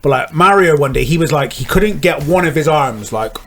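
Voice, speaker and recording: Chatty man, higher voice, full of fillers. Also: brisk. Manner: animated, lots of filler "like", swearing. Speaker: podcast co-host. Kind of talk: casual chat.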